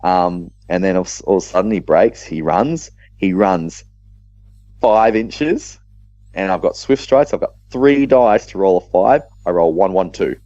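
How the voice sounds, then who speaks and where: An Australian man, co-host of a podcast, recounting a tabletop match in casual chat with animated storytelling and quick restarts. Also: deep voice, no room sound, muffled recording.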